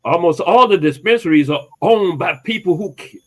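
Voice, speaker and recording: A man's voice: high-pitched, lively intonation, normal speed, fairly bright tone, low-quality recording. A man in a casual podcast chat, telling long rambling stories and swearing freely.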